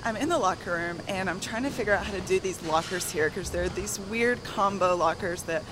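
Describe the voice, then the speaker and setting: A soft-spoken Southern woman tells a story while walking on a treadmill. She is out of breath and talks at a middle pitch. Loud gym noise runs under her voice. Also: fairly quick. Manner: soft-spoken, laughs between sentences. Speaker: guest. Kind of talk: casual storytelling.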